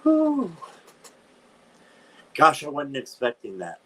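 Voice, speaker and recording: A man's voice: lowish voice, unhurried, a bit bright, breathy edge. A man hosting a live-stream tarot reading, chatty and given to dramatic squeals of disgust. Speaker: tarot reader, channel host.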